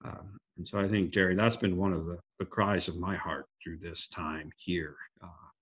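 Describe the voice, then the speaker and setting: A man's voice: low-pitched, fairly even intonation, moderate pace, fairly bright tone, slightly rough, lo-fi sound. A man giving an earnest, reflective devotional talk on a group call, quoting scripture with frequent restarts. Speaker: guest speaker sharing a devotional.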